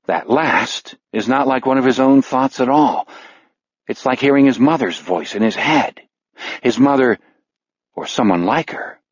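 A man narrating an audiobook in a measured voice, slowing on grim details. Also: medium pitch, dry recording, dull audio.

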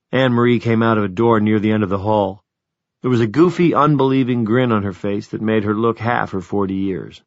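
A man's voice: fairly low pitch, fairly quick, no room sound. Man narrating a novel, dry sound. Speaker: audiobook narrator. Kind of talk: scripted narration. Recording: dull, dry audiobook recording.

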